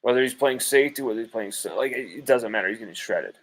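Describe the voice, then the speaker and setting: A male sports host on a live postgame stream, talking from home. His pitch is mid-range for a man. He argues heatedly, swears freely and repeats his points to drive them home. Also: quick pace, low-quality recording.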